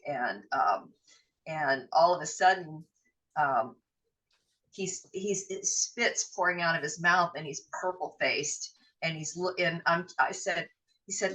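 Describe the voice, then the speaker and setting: Speaking slowly in a deep, sharp voice, the middle-aged guest tells a raw personal story in the interview, reenacting dialogue and dropping the odd swear word. The vivid, emotional account is recorded poorly, with her sitting far from the mic.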